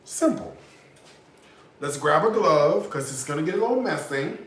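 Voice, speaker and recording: Sassy tipsy man cooking, lively voice. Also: on the high side, a little fast, roomy sound. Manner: sassy, profane, rants dramatically. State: tipsy from liquor. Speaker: home cook, cooking show host. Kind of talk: casual cooking tutorial. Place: home kitchen.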